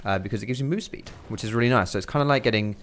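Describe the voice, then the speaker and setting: A young man giving casual, swearing gameplay commentary, chatty and quick to laugh. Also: lowish voice, fairly bright tone. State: out of breath. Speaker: gaming commentator.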